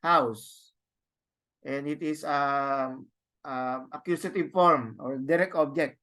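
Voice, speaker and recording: Male teacher from the Philippines, deliberate halting delivery with frequent restarts, leading a class. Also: mid-range voice, steady tone, a bit bright. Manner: halting, with many restarts and tag questions. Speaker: Greek teacher. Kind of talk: online class lecture.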